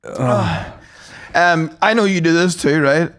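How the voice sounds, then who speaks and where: A man's voice: fairly high pitch, lively intonation, takes it slowly, fairly bright tone. A young man co-hosting a podcast, chatting casually and laughing often. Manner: giggly, laughs often, silly voices. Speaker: podcast co-host. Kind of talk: casual banter.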